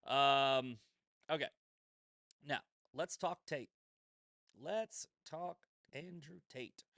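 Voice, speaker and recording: A man's voice: fairly high pitch, extremely slow, gravelly, fairly bright tone, dry recording. A man hosting a casual commentary show in a slightly raised voice, recorded dry and close. He is sarcastic and swears a lot. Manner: laughing, profane, sarcastic. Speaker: host.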